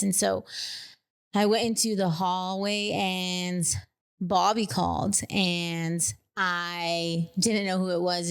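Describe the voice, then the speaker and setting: A young woman with a Texan accent talks through a painful memory on a podcast, her speech full of fillers and restarts. Her voice sits fairly low and stays flat in pitch. Her tone is smooth and clear. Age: young adult. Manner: emotional retelling, many fillers. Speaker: podcast guest. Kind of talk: casual storytelling.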